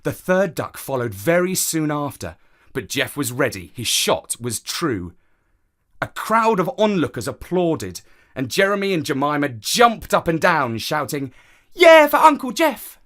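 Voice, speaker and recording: A man narrating a children's story in a measured, expressive reading. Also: a little high.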